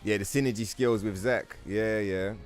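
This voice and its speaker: Male streamer, lowish voice, loose profane rambling chat with viewers, soft music bed. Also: fairly even intonation, moderate pace. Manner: talks to his chat. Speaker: livestreamer. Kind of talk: casual gaming stream chat.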